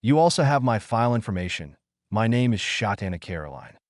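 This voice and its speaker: A man's voice: fairly low pitch, very animated, fairly quick, no room sound, clean studio sound. A man voicing a defiant young female spy held captive, in a cold, resistant manner in an audiobook.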